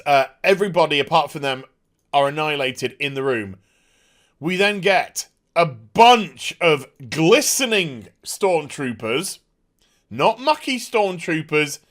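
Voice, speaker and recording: A man casually recapping a TV episode, excitable and full of scene retellings. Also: fairly high pitch. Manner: excitable, retells scenes with rough impressions and sound effects. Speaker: TV show reviewer.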